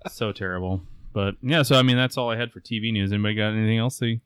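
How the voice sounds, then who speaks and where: A man's voice: lowish voice, steady tone, clear, resonant tone, no room sound. Agreeable man, dry close sound. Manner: agreeable, quick to chime in. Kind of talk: casual podcast chat.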